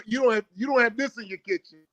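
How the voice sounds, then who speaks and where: A man's voice: very high voice, quick pace, a bit bright, no echo, soft background music. A man in his fifties from Baltimore, a joking, playful guest on a talk stream.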